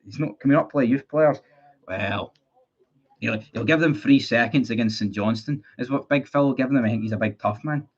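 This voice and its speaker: Scottish male fan streamer, mid-pitched, heated sweary rant, dull lo-fi audio. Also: brisk, breathy edge. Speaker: football fan livestreamer. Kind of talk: ranting live stream chat.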